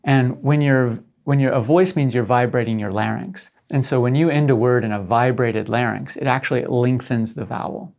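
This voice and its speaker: A middle-aged man lectures as a professor, with a gravelly, creaky edge to his voice. He explains step by step at a medium pitch and keeps checking in with his listeners. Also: normal speed, few pauses, a little mellow.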